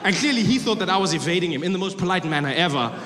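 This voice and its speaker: A high-voiced man performs stand-up comedy, animated and quick to slip into other characters' voices. He is recorded live in a big hall, with a long reverb and clear audience noise around him. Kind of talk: stand-up routine. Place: large theater stage with audience.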